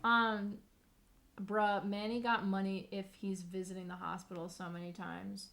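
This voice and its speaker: A young woman streamer chatting casually, telling stories in an animated, sarcastic way full of swearing. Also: medium pitch, a little slow, gravelly. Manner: profane, animated storytelling. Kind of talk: casual livestream chat.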